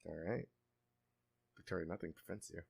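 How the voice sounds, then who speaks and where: A man narrating a tabletop game as game master, relaxed and hesitant with fillers. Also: low-pitched, moderate pace, gravelly, slightly rough.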